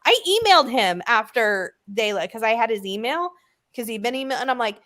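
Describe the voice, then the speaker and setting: A woman hosting a casual online chat, telling stories with lively asides and putting on loud voices for the people she quotes. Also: a little high, a little fast. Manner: chatty storyteller, acts out loud voices in quotes. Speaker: host.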